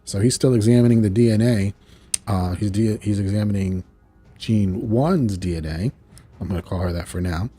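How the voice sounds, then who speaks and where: A man's voice: on the low side, moderate pace, mellow, husky, soft background music. A man casually recapping a cartoon episode in a chatty, loose way. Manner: chatty and loose, with frequent fillers and laughs. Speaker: video reviewer.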